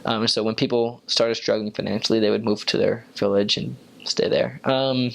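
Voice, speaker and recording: A young man, a returned missionary, telling stories in a relaxed, casual way, with lots of fillers, and jumping up in pitch when he quotes people. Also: normal speed, vocal fry. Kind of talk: casual storytelling.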